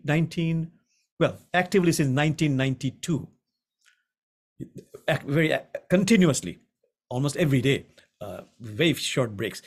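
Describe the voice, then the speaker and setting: A middle-aged man teaches on a video call in a gentle, unhurried way. His pitch sits a little high for a man and swings widely as he repeats key phrases slowly for emphasis. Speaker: imam and spiritual teacher. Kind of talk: guided contemplative teaching.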